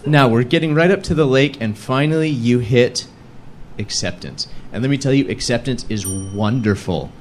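A man's voice: mid-range voice, normal speed, slight background noise. A young man from the United States telling a story on stage before a live audience, joking and mocking himself. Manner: animated, joking, self-mocking.

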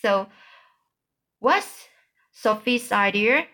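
Slow, halting woman reading aloud. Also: medium pitch, animated, bright, forceful tone. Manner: slow, halting, with stumbles and restarts. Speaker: reader. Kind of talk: reading a children's book aloud.

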